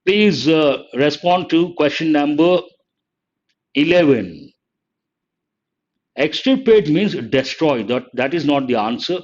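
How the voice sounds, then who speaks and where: An older man teaching English vocabulary in a live online exam-prep lesson, explaining slowly and repeating words, sometimes scolding the chat. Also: on the high side, animated. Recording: dull lo-fi stream audio.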